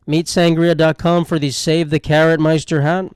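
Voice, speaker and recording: A man's voice: on the high side, steady tone, brisk, hardly any pauses, clear, resonant tone, dry recording, studio quality. A young man hosting a solo comedy podcast, rambling through irreverent, self-mocking riffs on news stories. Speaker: podcast host.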